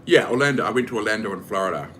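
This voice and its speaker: Man, New Zealand accent, casual cooking vlog chat, rambling, bright tone. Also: lowish voice, animated, racing, slight background noise. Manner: chatty, rambling, lots of fillers. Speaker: vlogger.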